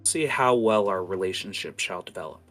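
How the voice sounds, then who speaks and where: A man's voice: sits low, normal speed, fairly bright tone, soft background music. A man voicing a sly, sadistic woman who trades in information in a tabletop game, with a silky, scheming manner. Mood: bargaining. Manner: silky, scheming, calls people dearie.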